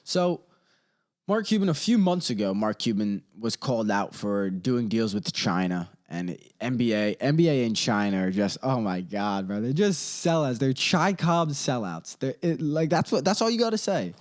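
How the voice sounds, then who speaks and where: Dude ranting on his comedy podcast, slangy and rambling, gets loud then mutters low. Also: very animated, normal speed. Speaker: podcast host. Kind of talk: casual comedic rant.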